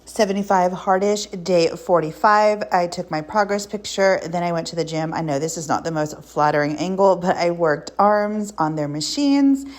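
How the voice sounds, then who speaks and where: A woman's voice: on the low side, normal speed, hardly any pauses. Chatty woman vlogger. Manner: chatty and upbeat, says "y'all" and "girl". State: out of breath while walking. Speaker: weight-loss vlogger. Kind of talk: casual chat to camera.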